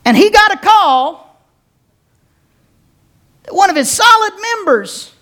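A woman pastor preaching a sermon, folksy and playful, with slow, emphatic pauses and direct calls to her congregation. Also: very high-pitched, big pitch swings, fairly bright tone. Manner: folksy and playful, with casual slang.

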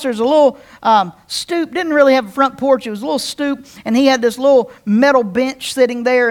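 Animated conversational pastor preaching. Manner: conversational, repeats phrases, asks the crowd "right?"; animated, with big swings in pitch and loudness. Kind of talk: sermon storytelling.

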